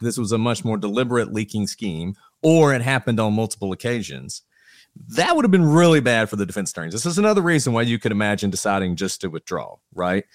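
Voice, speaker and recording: A man giving measured legal analysis on a podcast panel, thinking aloud with small restarts. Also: fairly low pitch, dry recording, clean studio sound. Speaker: attorney guest.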